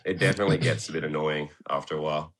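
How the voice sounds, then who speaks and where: With a very deep voice and fairly even intonation, the young man races along in a fairly bright tone. He's a skateboarding guest in a podcast studio, telling rambling, foul-mouthed anecdotes and voicing the people in them.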